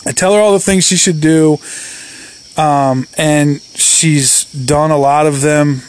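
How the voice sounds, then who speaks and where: A man, a real estate agent, telling a story in a casual monologue, chatty and animated. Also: fairly high pitch, slow. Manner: chatty, many fillers and restarts, animated.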